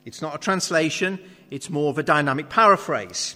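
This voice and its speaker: A man preaching a sermon, reading scripture and then explaining it with emphatic, measured phrasing and long dramatic pauses. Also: a little high, lively intonation, sharp tone. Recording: long reverb of a hall.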